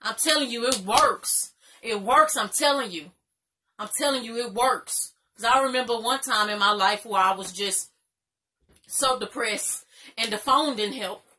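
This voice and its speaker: A woman's voice: a little high, measured pace, sharp tone. A young woman giving casual, emphatic advice to the camera, repeating her phrases, using informal slang, and crying at times. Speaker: vlogger.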